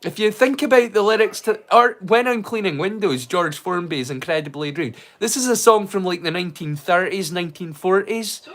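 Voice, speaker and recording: A man's voice: high-pitched, brisk, hardly any pauses, fairly bright tone. A man with a Scottish accent hosting a live watch-along, chatting in a rambling way and breaking into song. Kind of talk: casual chat.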